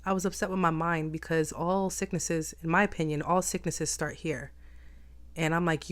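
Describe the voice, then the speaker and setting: A woman's voice: low-pitched, fairly even intonation, moderate pace. A woman talking in a reflective personal vlog, emphatic and repeating phrases for stress. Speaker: vlogger.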